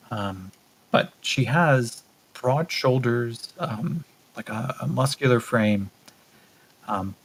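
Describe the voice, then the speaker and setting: A man narrates his solo tabletop game in a husky voice at an everyday middle pitch. He thinks aloud, calls his dice rolls and fills gaps with relaxed fillers. His delivery is casual and unhurried. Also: poor audio. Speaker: game master.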